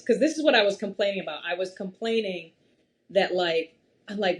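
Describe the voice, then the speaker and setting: A woman in her thirties, a podcast guest in casual conversation, telling stories in an animated way and laughing often. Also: mid-range voice, moderate pace. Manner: animated storytelling with frequent laughs.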